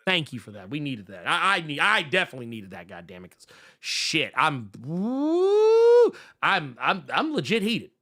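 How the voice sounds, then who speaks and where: A man's voice: on the high side, huge pitch swings, moderate pace, fairly bright tone. A man co-hosting a comics podcast, ranting in a heated, profane way with lots of restarts while reading out viewer messages. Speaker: podcast co-host.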